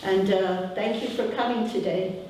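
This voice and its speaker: A woman's voice: medium pitch, fairly even intonation, normal speed, noisy background. A woman addressing an audience in a public talk, earnest and emphatic, often repeating her points. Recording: echoey hall from far off.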